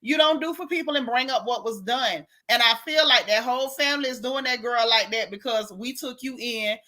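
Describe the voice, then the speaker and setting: A woman, hosting a casual gossip recap of a reality show, sassy and animated, reading chat comments aloud. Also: high-pitched.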